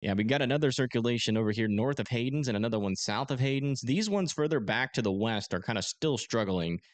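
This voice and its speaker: A young man hosting a live storm-tracking stream, talking casually and haltingly with many fillers as he reads radar. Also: mid-range voice, animated, no room sound. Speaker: storm-tracking livestream host. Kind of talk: live weather commentary.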